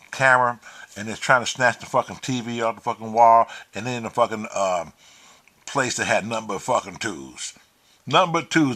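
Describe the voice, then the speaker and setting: A man hosting a show, telling a story in a profane, animated way and acting out the quotes. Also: mid-range voice. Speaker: host. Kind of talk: casual storytelling.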